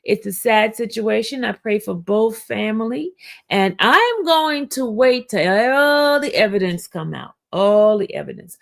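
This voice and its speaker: Woman, casual live-stream host, slow, gravelly, itchy throat, says y'all. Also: on the high side, expressive. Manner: slow, meandering, addresses viewers as y'all. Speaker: online true-crime commentator.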